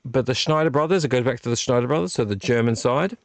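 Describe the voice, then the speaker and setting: A man's voice: medium pitch, fast talker, vocal fry, no room sound. A man hosting a late-night live stream, tipsy from drinks and rambling off on tangents while chatting to viewers. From Australia. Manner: rambling, digressive, talking to chat. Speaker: vlog host.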